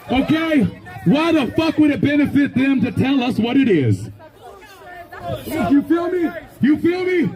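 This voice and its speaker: A hoarse man giving an angry, profane shouted speech at an outdoor street protest, repeating chants. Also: very high-pitched, lively intonation, moderate pace. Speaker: protest speaker. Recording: loud crowd noise outdoors. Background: loud crowd.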